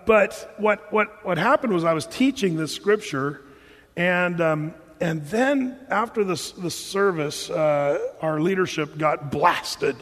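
High-voiced joking pastor in a church hall. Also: male voice, a bit bright. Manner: conversational and joking, with lots of asides. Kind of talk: sermon. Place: church sanctuary. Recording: long hall reverb in a church.

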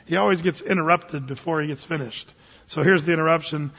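Husky-voiced pastor preaching in a reverberant hall. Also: male voice, a little high, fairly quick, a bit bright. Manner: conversational, folksy preaching with dramatic Bible readings. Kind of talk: expository sermon. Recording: dull lo-fi recording with long reverb.

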